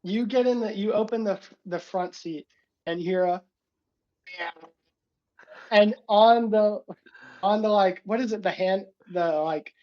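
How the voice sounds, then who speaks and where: A man's voice: high voice, moderate pace, highs cut off. A man narrating a tabletop game as game master, rambling casually with many fillers.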